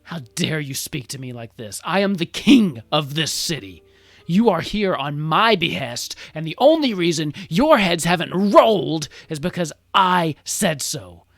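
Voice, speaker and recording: A man voicing an angry middle-aged king who shouts accusations at his daughter's new husband. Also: a little high, animated, measured pace, no room sound, faint music behind, pitched above the performer's own voice. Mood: furious.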